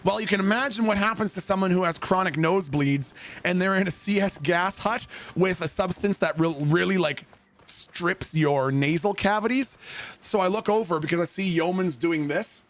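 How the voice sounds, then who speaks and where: A young man streaming a game, telling a story in a loose, animated way and swearing freely. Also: sits high, moderate pace. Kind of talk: casual storytelling while gaming.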